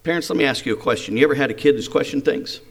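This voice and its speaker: A middle-aged man preaching a sermon, telling a story with lively rhetorical questions. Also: medium pitch, very fast, gravelly, breathy edge.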